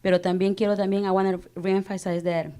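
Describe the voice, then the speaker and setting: A woman's voice: medium pitch, level tone, quick pace, warm tone, clean tone. A woman in her thirties with a Salvadoran Spanish accent, a government office director giving a passionate panel speech and switching between Spanish and English. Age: 30s.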